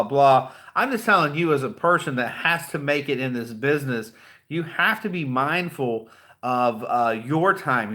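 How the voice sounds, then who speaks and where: A man's voice: mid-range voice, bright, forceful tone. A man who trains car dealers, giving a casual motivational talk as a blunt, chatty storyteller.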